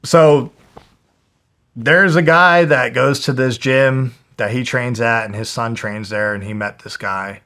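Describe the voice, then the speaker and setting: A man's voice: medium pitch, slow pace. Swearing young man telling a story. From New Jersey, USA. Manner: heavy swearing, animated retelling with quoted voices. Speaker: guest, pro fighter. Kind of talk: candid storytelling.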